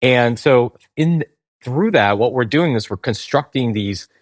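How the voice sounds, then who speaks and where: A man's voice: medium pitch, lively intonation, unhurried, dry recording. A man, a game company founder, explaining in a conversational interview, tagging points with "right?" and restarting sentences.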